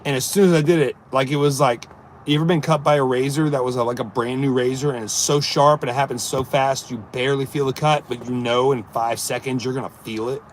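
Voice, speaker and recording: A man's voice: medium pitch, fairly even intonation, fast, slight background noise. A man and amateur comic chatting on a live stream, telling rambling jokey stories and answering his viewers. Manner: jokey, rambling storyteller who chats to viewers.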